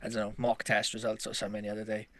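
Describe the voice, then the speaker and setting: A man's voice: fairly low pitch, completely flat delivery, racing, a bit bright, dry recording. A man co-hosting a podcast in casual chat, rambling and swearing, often laughing. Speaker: podcast co-host.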